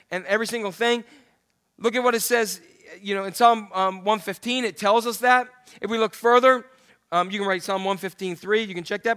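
A man preaching a sermon in a loose, conversational way, reading scripture and turning questions back to his listeners. His voice is high and bright. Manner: conversational, asks the audience questions.

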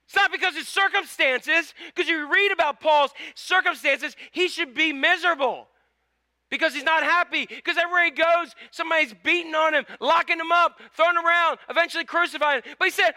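A male pastor delivering a conversational, animated sermon in a church. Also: very high voice, a little fast. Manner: conversational, animated preaching with quoted exclamations. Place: church sanctuary.

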